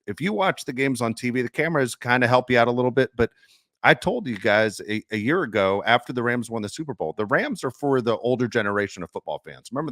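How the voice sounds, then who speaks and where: A man co-hosts a sports podcast, giving his opinions emphatically and speaking straight to his listeners in casual sports talk. His voice is fairly low and a bit bright, captured with clean studio sound and no echo.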